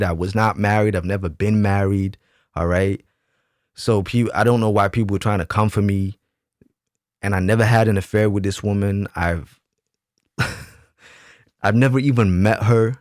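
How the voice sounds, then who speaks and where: A man's voice: on the low side, dry recording, studio quality. A man hosting his own channel, telling a story in a casual, slangy way and acting out quoted arguments in changing voices. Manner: slangy, repeats himself for emphasis. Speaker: channel host. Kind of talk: casual storytime monologue to camera.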